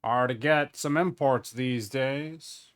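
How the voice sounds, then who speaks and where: A man voicing a gruff, folksy Southern tobacco shopkeeper with a Southern accent and salesman patter, in a tabletop role-play game. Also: medium pitch, slow pace, fairly bright tone.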